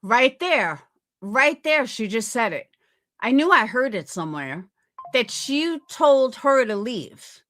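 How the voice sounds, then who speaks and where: A woman on a live-stream panel, talking bluntly and profanely and taking sides quickly. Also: fairly high pitch, sing-song, a bit bright.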